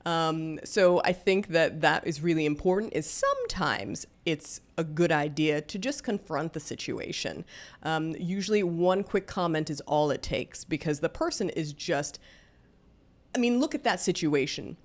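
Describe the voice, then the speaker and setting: A woman in her forties tells a personal story with a low, deep-set voice. She talks candidly and conversationally, with plenty of fillers along the way. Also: a little slow. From Deep South, US. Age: 40s. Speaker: vlogger.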